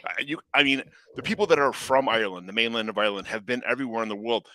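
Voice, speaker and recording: A man from the United States hosting a podcast, chatting casually in a quick, animated way. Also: mid-range voice, dry recording. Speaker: podcast host. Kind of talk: casual interview chat.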